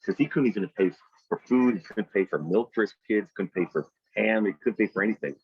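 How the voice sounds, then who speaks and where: A man leading a weekly team meeting over a video call, telling a story and giving an emphatic motivational talk that jumps to loud, high peaks. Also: a little fast, slightly rough, dull audio. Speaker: team leader running a weekly sales meeting. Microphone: video call microphone.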